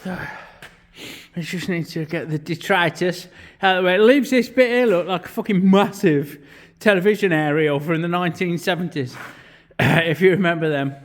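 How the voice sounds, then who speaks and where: A man's voice: high-pitched, normal speed. A man, chatting bluntly and swearing a lot as he explains his metalwork in a vlog. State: out of breath at times. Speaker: vlogger and metal fabricator. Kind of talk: casual workshop vlog narration.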